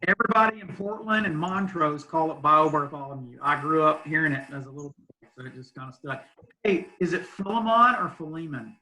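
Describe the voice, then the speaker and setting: A youth pastor from Southeast Arkansas with a Southern accent, talking easygoingly on a video call, laughing often and leaning on fillers. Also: male voice, on the high side, fairly quick, sharp tone, poor audio. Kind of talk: casual video call chat.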